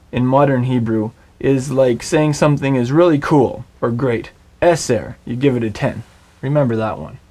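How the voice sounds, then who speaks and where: A man leads a recorded language lesson at an unhurried, deliberate pace. He speaks in a mid-range voice, patiently drilling each word so the viewer can follow and repeat. The sound is a close, clean voice-over. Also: medium pitch, darkish tone. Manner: slow, patient drilling of words. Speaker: Hebrew teacher.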